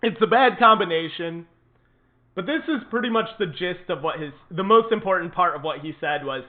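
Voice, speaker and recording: A man's voice: high-pitched, normal speed. A man hosting his own political commentary show, talking in an indignant, emphatic way and repeating words for stress. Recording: tinny phone-like sound.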